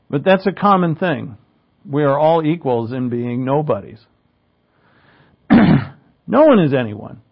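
A man's voice: fairly high pitch, vocal fry, dull audio. A man preaching a sermon as a pastor, explaining Greek words, asking rhetorical questions and rising in emphasis on key points.

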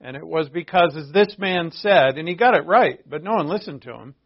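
A man's voice: fairly high pitch, lively intonation, a little fast, slightly rough. A man preaching a sermon in a conversational way, with asides to his listeners. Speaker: pastor. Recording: dull lo-fi recording.

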